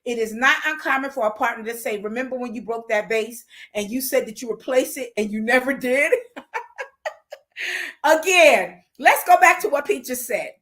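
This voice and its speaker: Woman host, high bright voice, chatty advice talk. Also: normal speed. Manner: chatty, warm asides to her pet mid-talk. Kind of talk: casual relationship advice talk.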